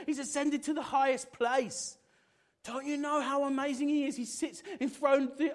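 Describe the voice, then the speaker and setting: High-voiced, passionate preacher man. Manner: passionate, swinging from loud exclamations to hushed intensity. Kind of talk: sermon.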